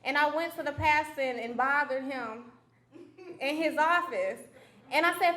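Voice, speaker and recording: High, bright-voiced young woman preaching. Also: moderate pace. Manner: conversational and personal, with frequent restarts and asides. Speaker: guest preacher. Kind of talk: testimony-style sermon. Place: church sanctuary. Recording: echoey church sanctuary.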